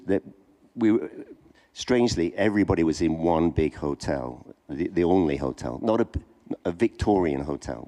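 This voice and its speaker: A man's voice: extremely low pitch, dark tone. A man on a festival panel telling a rambling anecdote to an audience, often restarting his sentences. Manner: rambling, self-correcting storyteller. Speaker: cinematographer panelist.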